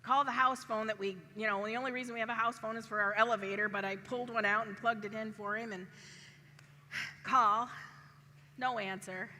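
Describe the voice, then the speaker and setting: Woman speaker on a stage mic, bright and a little high, chatty and giggly, long hall reverb with faint noise behind. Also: fairly even intonation, a little fast. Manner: chatty, laughs often through her story. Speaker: speaker at a live event. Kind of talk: humorous personal storytelling to an audience. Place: large event hall.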